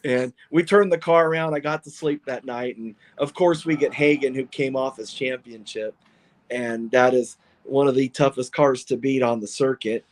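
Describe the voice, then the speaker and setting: A man who owns and drives a funny car, telling stories in an excited, rambling way with lots of restarts on a podcast. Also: mid-range voice. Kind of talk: podcast interview, casual storytelling.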